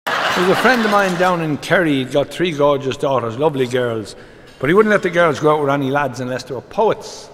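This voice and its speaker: An Irish man, a comedian, doing live stand-up, briskly rattling off short jokes as quick back-and-forth exchanges. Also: a little high, lively intonation, a bit bright. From Ireland. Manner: brisk storyteller, rattles off quoted exchanges with repeated "he says". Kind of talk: live stand-up joke telling. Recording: reverberant venue with background noise.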